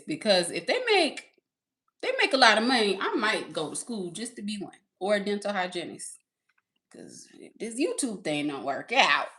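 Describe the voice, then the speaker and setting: Lively bright-voiced woman chatting on stream. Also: medium pitch. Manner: rambling, reading chat aloud, laughing often; talks to the audience as y'all. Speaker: live streamer. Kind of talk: casual live-stream chat.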